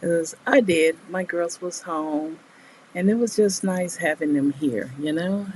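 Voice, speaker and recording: A middle-aged woman who streams about writing chats casually and at length with her live viewers from a small bedroom desk, rambling and laughing often between stories. Her voice sits a little low, unhurried and a little mellow. The audio is poor, with a faint ambient hum underneath, because her new desk mic isn't working well yet.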